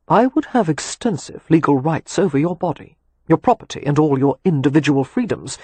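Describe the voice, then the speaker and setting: A man reading the part of a teasing, ardent young gentleman in an audiobook romance, speaking wryly and earnestly. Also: fairly high pitch, breathy edge, no room sound.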